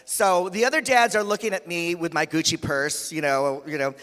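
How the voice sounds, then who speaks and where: Speaking at a moderate pace in a slightly high voice, a man hosts a conference from a big hall stage, delivering comic storytelling like a stand-up routine. He brings quoted people to life with animated voices, and reverb echoes through the hall.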